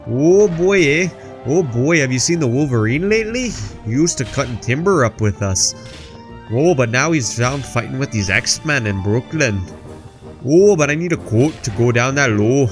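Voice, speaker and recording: A man's voice: mid-range voice, expressive, moderate pace, faint music behind, natural voice. A man voicing a cheerful stereotyped Canadian lumberjack, chatty in a mock Canadian accent and tacking "eh" onto his lines. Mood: folksy.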